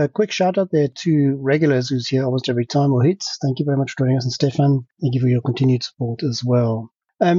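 Male host, casual panel chat, warm husky tone, dull dry sound. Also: medium pitch, dry recording. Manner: chatty, self-correcting.

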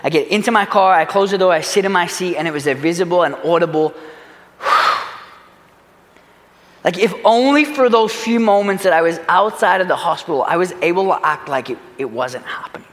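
A man preaching a sermon as a pastor, earnest, swinging from loud urgency to hushed reflection. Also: high-pitched, brisk, in a large hall. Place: church sanctuary.

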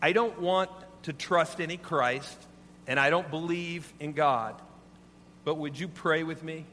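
A man's voice: fairly high pitch, a little slow, bright, forceful tone. A man voicing an angry young male prisoner who speaks in curt, guarded replies. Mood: pleading. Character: angry young male death-row inmate. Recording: long hall reverb, faint hum.

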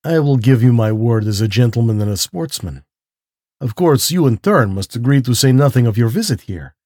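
A man doing a polished, courtly aristocrat of a hunter whose charm carries a menacing edge, his lively voice rising and falling through genteel phrasing. The tone is breathy and close, read as a spoken storybook. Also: moderate pace, dry recording, lightly acted. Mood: silkily menacing. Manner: polished and genteel, with a lift in pitch.

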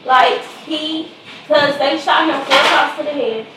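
A woman's voice: high-pitched, steady tone, unhurried, background noise. Middle-aged woman, distant in an echoey room. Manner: earnest, conversational storytelling. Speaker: mother of a murder victim. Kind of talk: personal testimony. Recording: very echoey room, distant mic, faint ambience.

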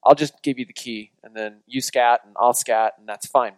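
A man's voice: mid-range voice, fairly even intonation, normal speed, no echo, low-quality recording. A man preaching a sermon as a pastor, telling a story in a conversational way with frequent restarts before leading into prayer.

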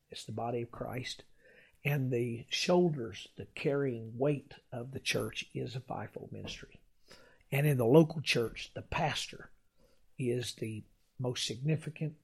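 A man preaches with a rough, gravelly edge and a slightly breathy, husky tone. He teaches in an unhurried way, pausing on filler sounds and reading old-style scripture aloud. His pitch sits in the middle range for a man. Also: darkish tone. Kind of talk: sermon-style teaching with personal story.

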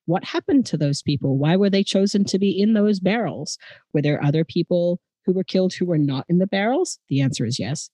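In a fairly low, warm and expressive voice, a woman from Adelaide, South Australia, talks fairly quickly as she earnestly explains a true-crime story on the podcast she co-hosts. Her accent is Australian, and the recording is dry.

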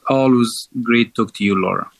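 Man speaking halting, filler-heavy English. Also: medium pitch, creaky, loud music behind the voice. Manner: halting, many fillers and restarts. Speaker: guest guide. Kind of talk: casual interview chat.

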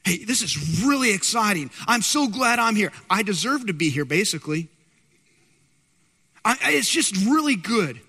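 A man's voice: high voice, moderate pace, slightly rough, pitched above the performer's own voice, full character voice. A man voicing a talkative, over-eager male apostle who keeps blurting out ideas, in a long echoing hall. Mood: excited. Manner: excited, rambling, can't stop talking.

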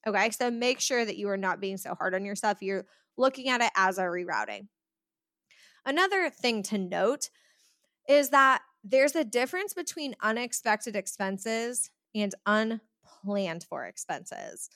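A woman's voice: mid-range voice, lively intonation, unhurried, fairly bright tone, no echo, studio quality. A woman hosting a podcast in a chatty way, often acting out the voices of people she quotes. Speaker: podcast host. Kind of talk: casual podcast talk.

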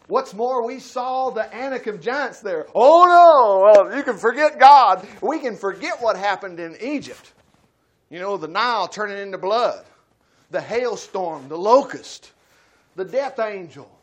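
A man teaching a Bible study sermon in a folksy way, acting out quotes with sudden loud outbursts. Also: high-pitched. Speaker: preacher.

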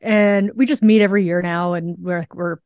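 A woman in her forties, a doctor being interviewed, telling her story quickly and animatedly, with many fillers. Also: on the low side, fairly even intonation, darkish tone, clear, resonant tone, dry recording. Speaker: urologist and podcast guest.

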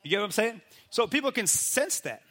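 High, bright-voiced animated pastor man. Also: brisk. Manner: animated, keeps asking "right?" and acts out quoted people. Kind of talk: casual faith talk.

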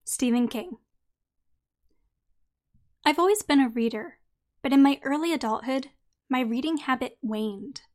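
A woman hosting a podcast who talks straight to her listeners in a friendly way and then reads out her own article, her voice slightly croaky today. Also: sits high, unhurried, pauses often, a little mellow. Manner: friendly, direct address to listeners. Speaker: podcast host. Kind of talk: podcast monologue and article reading.

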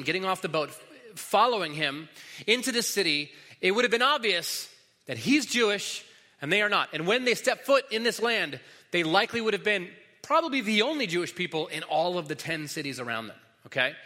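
Bright-voiced preacher man in a reverberant hall. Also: sits high. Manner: casual teaching with many fillers and restarts. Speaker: pastor. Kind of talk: sermon.

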